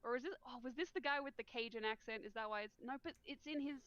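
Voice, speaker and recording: Brief: higher-voiced woman, co-host, reads a novel aloud with sarcastic asides and silly accents. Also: fast talker, fairly bright tone, highs cut off. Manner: reads dialogue in mock accents, giggles often. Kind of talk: casual reading with comic commentary.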